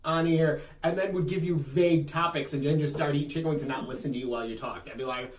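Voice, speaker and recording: A man's voice: fairly high pitch, fast talker. A man co-hosting a casual talk show, bantering and telling jokey stories with a Western New York accent. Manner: animated, jokey storytelling. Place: underground bunker room. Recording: echoey room, distant mic, faint hiss.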